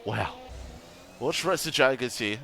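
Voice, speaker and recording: A man's voice: medium pitch, animated, normal speed, creaky, fairly bright tone, faint music behind. Chatty laughing male race commentator. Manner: chatty and laughing, banters with chat and co-hosts. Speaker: sim racing league commentator. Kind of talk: casual live stream commentary.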